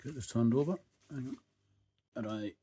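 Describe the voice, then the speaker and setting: A man's voice: medium pitch, a little slow, mellow, husky. A Scottish man narrating his home cooking in a laid-back, casual way, with frequent fillers and swearing. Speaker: home cook and channel host.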